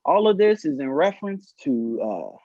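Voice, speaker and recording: A man hosting a casual podcast discussion, steering the talk with questions in a measured way. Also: on the high side, sing-song, a little mellow, dry recording. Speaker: podcast host. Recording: dull lo-fi, dry sound.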